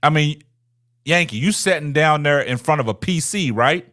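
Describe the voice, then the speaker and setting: On a casual livestream, a male host chats with viewers, taunting them, repeating himself, and tacking "man" onto many phrases. His voice is a little high, animated, and fairly bright, moving at a moderate pace.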